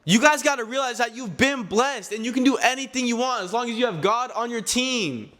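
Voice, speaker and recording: With a brisk pace and a sharp, noticeably high voice, a nineteen-year-old vlogger and clothing brand owner preaches a faith-based motivational talk to his audience. He is earnest and a little preachy, often stumbling and restarting his sentences.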